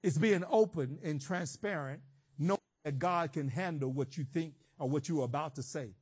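A man preaching a sermon, swinging between shouted emphasis and quiet, reflective teaching. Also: fairly high pitch, normal speed, husky.

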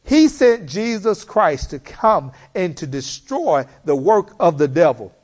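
A man preaching a sermon, slow and emphatic, building repeated appeals to his listeners. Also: sits high, big pitch swings, a little mellow.

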